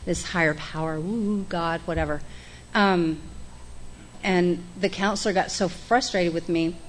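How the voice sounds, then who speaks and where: A woman's voice: fairly low pitch, unhurried, slight background noise. A middle-aged woman, candidly sharing her recovery story in a frank, profane, self-mocking way. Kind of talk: candid personal testimony.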